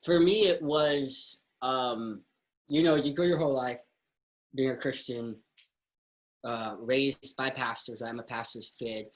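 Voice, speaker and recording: A man's voice: medium pitch, a little slow, low-quality recording. A man, a pastor and guest, telling a personal faith story in a conversational way and acting out dialogue as he goes. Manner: animated storyteller who acts out dialogue.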